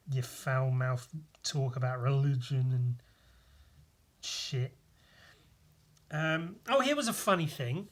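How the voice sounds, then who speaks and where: Congested, foul-mouthed man rambling. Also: mid-range voice. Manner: rambling, profane, self-mocking. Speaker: podcast host. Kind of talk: casual solo podcast monologue.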